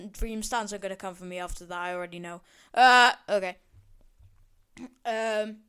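A woman's voice: a little high, fairly bright tone, clean tone. A teenage girl hosting her own podcast, rambling and sarcastic, swearing and backtracking as she rants. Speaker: podcast host. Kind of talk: casual solo podcast rant.

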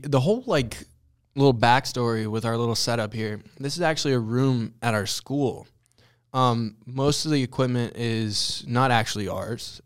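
Young guy cohosting a podcast from a school room, jokey, middle pitch. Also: clear, resonant tone. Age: young adult. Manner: joking, puts on silly voices for quotes. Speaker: podcast co-host. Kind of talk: casual chat.

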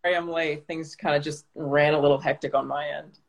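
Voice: mid-range voice, level tone, brisk, gravelly. Easygoing guest, casual livestream chat.

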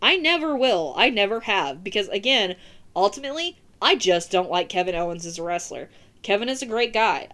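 A woman hosting a podcast, ranting casually and swearing freely as she gives her opinions. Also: mid-range voice. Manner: profane, animated ranting. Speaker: podcast host.

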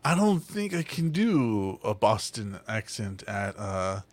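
A man chats casually on a podcast, his voice swinging high and low with plenty of life. He swears freely and laughs often. The sound is dry and close. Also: sing-song, slow, dry recording. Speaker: podcast co-host, voice actor. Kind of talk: casual chat.

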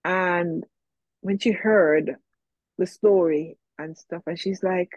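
A woman's voice: fairly low pitch, steady tone, slow, a little mellow, no echo. A woman guest in an interview, telling a personal story in a reflective way, with many fillers, and quoting herself and others.

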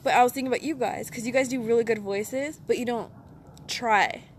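A woman's voice: fairly high pitch, fairly quick. Blunt chatty woman, noisy background. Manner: blunt, swears freely, says "like" often. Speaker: podcast co-host. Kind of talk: casual chat.

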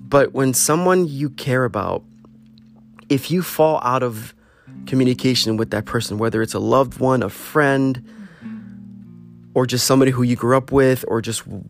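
A man's voice: medium pitch, normal speed, long pauses. A man giving a heartfelt, rambling personal monologue, earnestly urging listeners to reach out to friends. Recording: faint guitar music behind.

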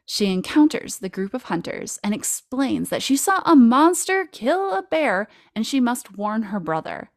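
Lively woman recapping a film. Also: on the high side, a little slow, few pauses, no room sound, clean studio sound. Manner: playful, jokey recap with frequent laughs. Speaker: podcast host.

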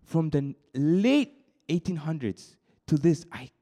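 Brief: young man, youth preacher, fairly high voice, moves between quiet confession and excited high-pitched bursts, repeats himself as he goes. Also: slow pace. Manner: swings from soft confiding to high excited bursts; repeats words and restarts mid-sentence. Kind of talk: sermon.

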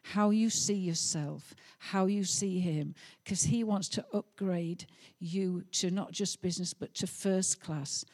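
A woman's voice: lowish voice, takes it slowly, hardly any pauses, darkish tone. A middle-aged woman telling a heartfelt testimony story during a sermon, with some hesitations. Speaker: pastor's wife.

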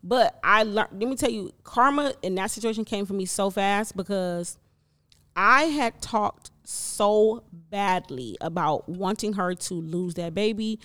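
A woman's voice: mid-range voice, a bit bright. A young woman, telling stories in casual chat with a blunt, profane manner. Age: young adult.

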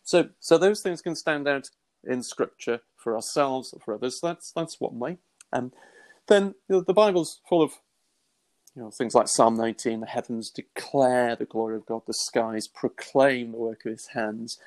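A middle-aged man teaching in an earnest, conversational way, acting out quoted thoughts with lively exclamations and frequent restarts. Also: medium pitch, moderate pace. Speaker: Christian teacher.

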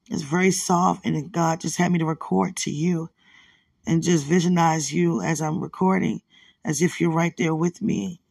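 A woman leaving a soft, rambling, affectionate voice message while lying in bed at night, with her phone held close to her mouth. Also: on the low side, gravelly, husky, no room sound. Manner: soft, hushed, rambling and affectionate, often religious. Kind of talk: intimate late-night voice message.

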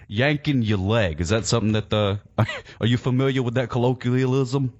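An American man interviewing a guest in a casual chat, animated and rambling, often repeating his words. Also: mid-range voice, normal speed. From United States. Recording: dull lo-fi recording.

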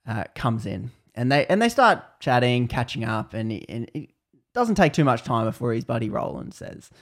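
A man tells a story casually on a podcast, rambling along with plenty of fillers. His voice sits at an ordinary middle pitch. He slips into quoted lines as he goes. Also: sing-song, moderate pace. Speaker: podcast host telling a story.

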